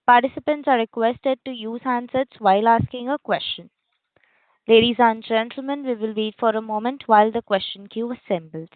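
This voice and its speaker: A woman's voice: fairly high pitch, steady tone, normal speed, no room sound. A woman working as a conference call operator, making polite, formal scripted announcements. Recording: dry tinny phone line.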